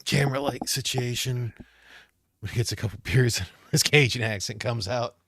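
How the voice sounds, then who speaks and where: A man co-hosting a casual podcast chat, telling animated stories and mimicking accents. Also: medium pitch, normal speed, creaky, dry recording, clean studio sound. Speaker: podcast co-host.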